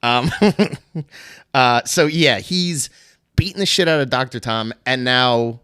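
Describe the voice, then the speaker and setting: A man's voice: mid-range voice, takes it slowly, a bit bright, clear, resonant tone, no echo, studio quality. A man hosting a podcast, casually retelling a story in a rambling way full of fillers and laughs. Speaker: podcast host.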